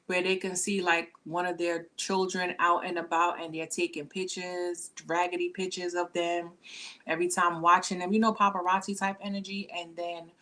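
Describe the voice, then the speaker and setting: A woman's voice: fairly low pitch, level tone, normal speed, bright, forceful tone. A woman giving a casual tarot reading to camera, talking in blunt, slangy, profane chatter into the camera mic. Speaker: tarot reader.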